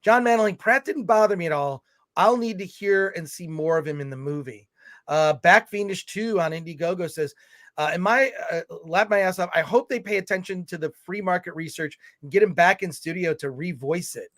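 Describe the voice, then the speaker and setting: A man's voice: sits high, normal speed, a bit bright. A man co-hosting a film livestream, ranting animatedly and reading viewer comments aloud. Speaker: podcast co-host reading chat.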